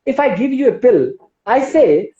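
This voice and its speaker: A woman's voice: a little high, very animated, moderate pace, warm tone. A woman with an Indian English accent teaching yoga on a live stream, persuasive and full of questions to her audience. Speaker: yoga instructor. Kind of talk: live-streamed wellness talk. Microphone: phone or laptop mic on a live stream. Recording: roomy, dull lo-fi live stream audio.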